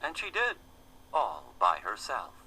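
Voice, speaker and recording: A man reads a children's fable slowly and expressively, his pitch rising and falling with great animation. His voice is bright and crisp, with a faint hiss behind it. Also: low-quality recording. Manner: gentle, expressive storybook reading. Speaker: storyteller. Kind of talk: reading a children's fable aloud.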